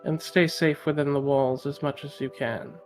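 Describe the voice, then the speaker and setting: A man voicing a composed, practical adventurer who works as a smith, speaking in measured, formal sentences during a tabletop role-play. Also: a little high, steady tone, faint music behind, natural voice. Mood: calm.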